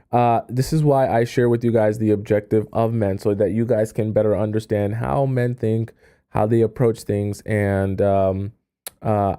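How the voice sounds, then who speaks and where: A man coaching on dating in a casual live stream, talking quickly with sarcastic asides while he reads viewer questions aloud and reacts to them. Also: fairly low pitch, warm tone, clean tone.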